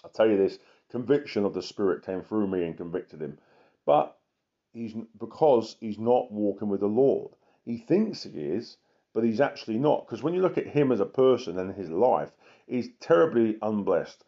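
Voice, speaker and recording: A man's voice: fairly low pitch, animated, moderate pace, warm tone. A man, an evangelist giving an impassioned sermon full of emphatic repetition. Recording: muffled lo-fi recording.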